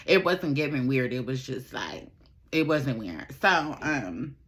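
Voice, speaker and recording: A woman's voice: extremely low pitch, lively intonation, unhurried, a bit bright. A young woman, telling a candid storytime, chatty, swearing freely and repeating her phrases. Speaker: vlogger. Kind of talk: casual storytime while doing makeup.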